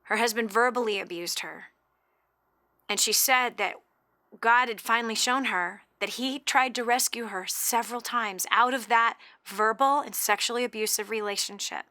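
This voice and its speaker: A woman's voice: a little high, steady tone, moderate pace, sharp tone. A woman hosting a radio talk show, speaking earnestly and often repeating words as she restarts.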